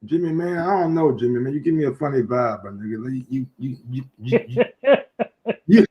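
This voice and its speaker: A man's voice: medium pitch, expressive, brisk, dull audio. A man hosting a casual boxing talk show, talking loosely with many restarts and profanity. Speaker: show host.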